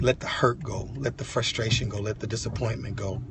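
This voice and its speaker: A man's voice: on the low side, fairly even intonation, fairly quick, hardly any pauses, a bit bright, slight background noise. A man sharing an impassioned devotional message from inside a vehicle, fervent and repetitive, with casual slang. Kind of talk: impassioned devotional vlog talk.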